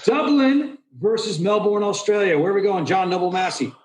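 A man's voice: high voice, expressive, moderate pace, echoey room, low-quality recording. A man hosting a casual chat with friends, running a game in a playful, joking emcee manner. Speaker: podcast host.

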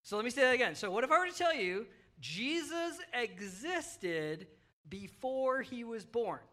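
Bright, upbeat children's pastor. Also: mid-range voice, lively intonation, unhurried. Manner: playful, upbeat, coaxing kids along. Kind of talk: children's sermon to kids and adults. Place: church service.

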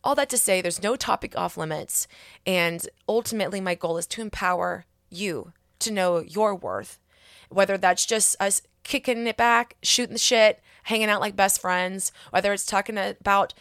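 A woman talking on her own podcast in loose, rambling chat, full of candid asides and sincere encouragement. Her pitch sits mid-range for a woman, and the close, dry sound has no room echo. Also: a bit bright. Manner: earnest and encouraging. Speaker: podcast host. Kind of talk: casual solo podcast chat.

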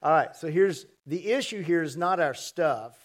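Man preaching, fairly high voice, chatty, quizzes the congregation. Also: lively intonation, moderate pace. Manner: conversational, asks the congregation questions, jokes. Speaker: pastor. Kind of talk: sermon. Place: church hall with congregation. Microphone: handheld mic.

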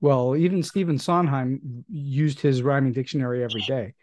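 A man's voice: medium pitch, normal speed, a little mellow. A man interviewing a guest, asking curious, probing and rambling questions. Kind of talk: conversational interview.

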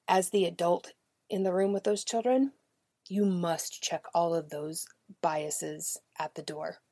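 A woman's voice: on the low side, warm tone, slightly rough, dry recording. A middle-aged woman hosting a parenting podcast, earnest and coaching, often dropping to a near whisper. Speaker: podcast host. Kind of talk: scripted podcast talk on parenting.

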